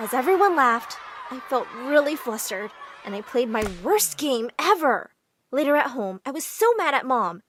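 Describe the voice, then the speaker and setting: A woman with a high, lively voice narrates a first-person story in an expressive, scripted way. Her pitch swings widely, with soft music faintly beneath. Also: normal speed.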